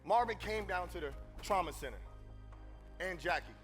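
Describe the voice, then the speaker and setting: A man speaking from a conference stage, his voice sitting high and sounding bright and forceful. He preaches to the crowd, dropping to a hushed, personal tone and then rising to loud calls. Faint music plays behind him. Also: expressive, normal speed. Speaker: motivational speaker. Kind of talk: live motivational speech. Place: conference stage before an audience.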